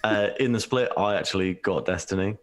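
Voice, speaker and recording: Low-voiced man chatting. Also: fairly quick. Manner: chatty, storytelling. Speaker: podcast co-host. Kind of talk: casual gaming podcast chat. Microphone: remote call mic.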